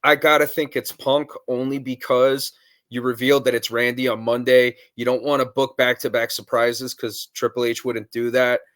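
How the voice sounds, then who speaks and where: A man's voice: mid-range voice, flat delivery, normal speed, fairly bright tone. A man hosting a wrestling podcast, talking in casual, blunt chat and swearing freely. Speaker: podcast host.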